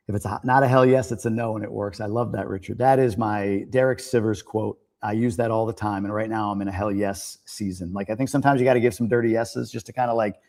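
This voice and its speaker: A middle-aged man from the United States hosting a livestream, chatting casually and speaking his opinions in an animated way. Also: on the low side. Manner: animated, opinionated, laughs and rises to near-shouting when joking. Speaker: livestream host. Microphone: streaming mic.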